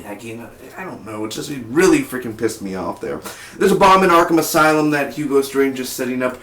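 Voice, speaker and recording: A man reviewing a TV episode in a rambling, excitable way, full of "man" and "like". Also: medium pitch, quick pace, echoey room. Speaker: TV review vlogger.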